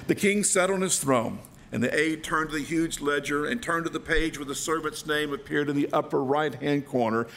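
A man preaching a sermon, retelling a parable with dramatic, vivid pacing. His voice is somewhat high and gravelly. A faint low rumble sits behind him. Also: normal speed, hardly any pauses, a bit bright. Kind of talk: storytelling sermon.

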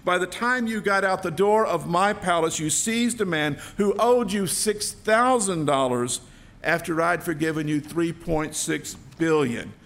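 A man voicing a stern, powerful king who demands his money, loud and emphatic. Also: high voice, lively intonation, slow, gravelly, pauses often, voice pushed up, heavily acted.

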